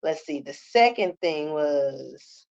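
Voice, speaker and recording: A woman with a low, gravelly, slightly mellow voice offers blunt, sassy commentary on a reality show, repeatedly ending points with "okay?" She is expressive but takes it slowly, and the audio has its highs cut off.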